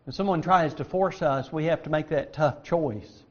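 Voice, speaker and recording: A man preaching a sermon, stressing key words loudly and dropping to quiet asides. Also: fairly high pitch, moderate pace, lo-fi sound. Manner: emphatic, swings between loud stress and quiet asides.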